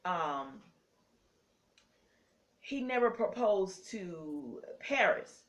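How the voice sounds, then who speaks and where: A woman's voice: lowish voice, animated, very slow. A woman casually recapping a soap opera episode for her viewers, chatty and sassy, with frequent ums and self-corrections.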